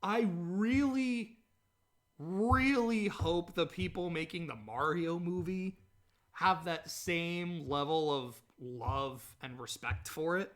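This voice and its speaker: A man hosting a solo podcast, rambling and chatty, telling stories in a casual, animated way. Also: fairly high pitch, takes it slowly. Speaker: podcast host.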